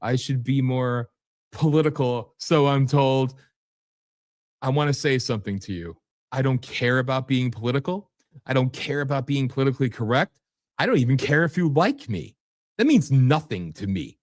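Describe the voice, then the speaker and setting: A man hosting his own political livestream, combative and sarcastic, swinging between loud jabs and muttered asides. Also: medium pitch, expressive, normal speed, no echo, studio quality. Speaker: host and political candidate. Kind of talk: ranting livestream talk. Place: home setup with virtual background.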